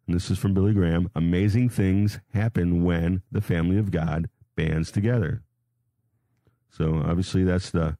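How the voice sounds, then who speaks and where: A man hosting a radio show, reading quotes slowly and deliberately, then adding casual asides and rereading lines when he stumbles. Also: sits low, mellow, no room sound, clean studio sound. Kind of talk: reading and commenting on scripture quotes.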